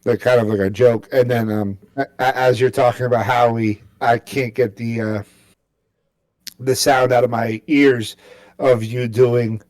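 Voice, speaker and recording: A man's voice: medium pitch, fairly even intonation, a little slow, darkish tone, no echo. Rambling male sports podcast co-host. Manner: rambling, many fillers and restarts. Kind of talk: casual sports podcast chat.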